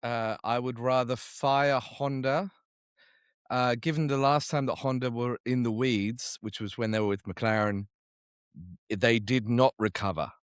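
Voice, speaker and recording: Guy on a podcast telling jokey stories, mid-pitch voice, dry close mic. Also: steady tone, measured pace, clear, resonant tone, no room sound. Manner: joking storyteller, swears freely. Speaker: podcast co-host. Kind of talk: casual podcast banter.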